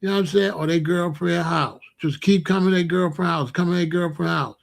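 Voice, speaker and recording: Middle-aged male host, fairly high voice, blunt and profane, casual slang-filled storytelling. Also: steady tone, quick pace, creaky.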